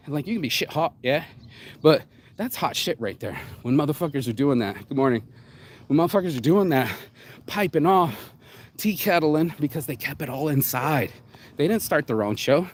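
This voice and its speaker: Male host, solo rant, profane and blunt, fairly high voice with sudden pitch leaps. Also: sing-song, normal speed. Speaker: show host. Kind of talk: solo ranting monologue.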